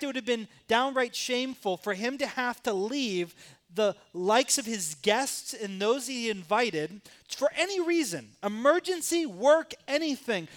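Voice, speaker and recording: Man, high voice, pastor, church sermon, dramatic storytelling. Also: fairly bright tone. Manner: dramatic, acts out the sons' and father's words. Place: church sanctuary.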